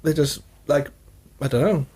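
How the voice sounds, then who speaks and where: A young man chats on a casual podcast, his voice a little husky. He tells rambling family stories and laughs often at them. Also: on the high side, moderate pace, dark tone. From Wales. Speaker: podcast co-host. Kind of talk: casual chat.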